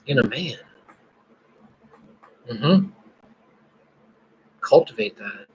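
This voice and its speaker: A man's voice: mid-range voice, lively intonation, very slow, husky, lo-fi sound. A man hosting a casual live stream, musing and praying aloud between his thoughts. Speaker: podcast host.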